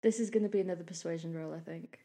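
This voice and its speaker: A woman narrating as game master of a tabletop game in a relaxed, descriptive way. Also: on the low side, racing, background noise.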